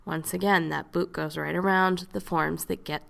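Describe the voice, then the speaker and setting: Female teacher, patient explainer, lowish voice with a gravelly fry. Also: steady tone, a bit bright. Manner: patient, explains step by step, models pronunciation slowly. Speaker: French teacher. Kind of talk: classroom lesson narration.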